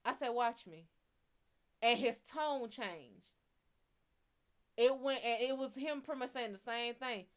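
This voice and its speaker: A woman's voice: fairly high pitch, measured pace. A woman hosting a show, telling a story in a blunt, profane and heated way. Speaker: psychic reader and show host. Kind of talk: casual storytelling.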